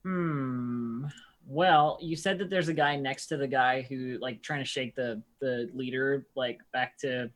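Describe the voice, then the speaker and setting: A man's voice: medium pitch, fairly even intonation, measured pace. Hesitant man playing a tabletop game. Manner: hesitant, thinking aloud. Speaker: player. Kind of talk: casual tabletop play.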